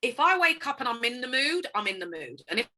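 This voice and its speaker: A woman's voice: fairly high pitch, big pitch swings, fast talker, pushed and bright. A woman in a casual interview who talks about her choices candidly and spontaneously, with emphatic bursts and easy laughs. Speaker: guest, singer and actress. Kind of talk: casual conversation.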